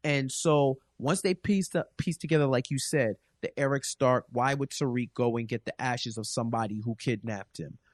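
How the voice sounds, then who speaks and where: A man co-hosting a casual TV recap show, telling the plot in an animated way and acting out the characters' lines. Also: mid-range voice, normal speed, few pauses, no echo. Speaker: podcast co-host.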